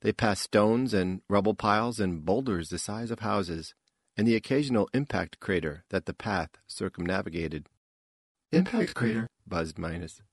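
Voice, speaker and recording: A man narrating an audiobook in an unhurried, expressive manner. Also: lowish voice, no room sound, studio quality. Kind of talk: scripted narration.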